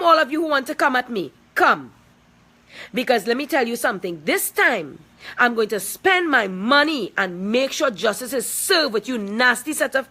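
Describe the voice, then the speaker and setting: Woman in her forties, high pitch, sharp bright tone, confrontational, emphatic. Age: 40s. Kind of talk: angry personal video statement.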